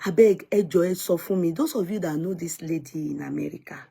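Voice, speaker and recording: Husky-voiced Nigerian woman vlogger. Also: fairly low pitch, quick pace, warm tone. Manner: chatty, retorts to commenters, mixes in Yoruba phrases. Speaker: vlogger commenting on news. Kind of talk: casual commentary to viewers.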